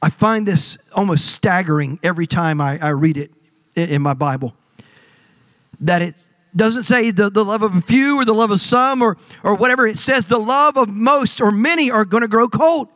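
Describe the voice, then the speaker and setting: A man's voice: high-pitched, lively intonation, brisk, pushed and bright, no room sound. A pastor preaching a sermon to his church, building to emphatic surges and repeating words as he presses his points. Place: church sanctuary.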